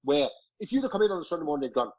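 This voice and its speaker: A husky middle-aged man recounts old stories in loose, casual chat, peppered with swearing and chuckles. The audio is dull and lo-fi, like a modest podcast recording. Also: fairly high pitch, big pitch swings, racing. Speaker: former footballer, guest. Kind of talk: casual anecdote telling.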